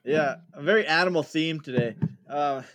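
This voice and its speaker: A man on a casual podcast chat, talking in halting bursts. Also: a little high, a bit bright. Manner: laughing, halting.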